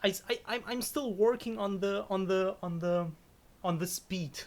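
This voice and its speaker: On a live game stream at home, a woman talks casually in a mid-range, slightly mellow voice at normal speed. Giggles come often, she stumbles and restarts her words, and a startle makes her swear.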